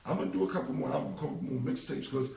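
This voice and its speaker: A man's voice: mid-range voice, rapid-fire, vocal fry, warm tone. Forty-something guy going off on a phone live, keeps repeating himself, echoey room, mic kinda far. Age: 40s. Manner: emphatic, repeats himself, slangy and profane. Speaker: rapper responding on a livestream. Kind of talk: casual rambling livestream rant. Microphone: phone held away. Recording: roomy echo, voice away from the phone mic.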